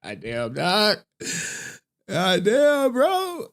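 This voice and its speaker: A man's voice: mid-range voice, big pitch swings, unhurried. A man in his forties hosting a casual livestream, swearing often, laughing through his words and getting emotional. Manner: profane, laughing, emotional, slangy. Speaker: livestream host.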